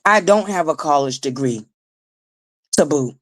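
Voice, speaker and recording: Raspy woman in her forties, live-stream host, lively swooping delivery, blunt and profane. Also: low voice, a little slow. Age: 40s. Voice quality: naturally raspy voice. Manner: blunt, profane, emphatic, addresses viewers directly. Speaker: livestream commentary host. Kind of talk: casual live-stream commentary.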